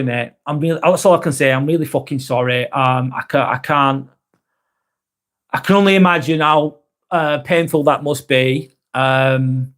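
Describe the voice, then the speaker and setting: A man hosting a live vlog, talking frankly and earnestly, swearing often and restarting his sentences. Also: medium pitch. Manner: earnest and sympathetic. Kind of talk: casual live-stream chat.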